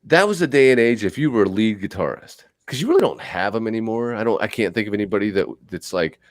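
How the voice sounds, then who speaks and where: A man's voice: lowish voice, lively intonation, fast talker, no echo, studio quality. A middle-aged man co-hosting a podcast, telling loose, profane, rambling stories in casual chat. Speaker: podcast co-host.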